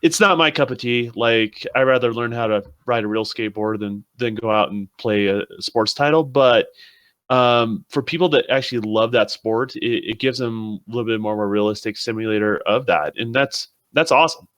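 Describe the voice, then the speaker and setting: A man on a casual gaming podcast who talks in a thoughtful, measured way, with frequent hesitant restarts. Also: medium pitch, a bit bright, dry recording.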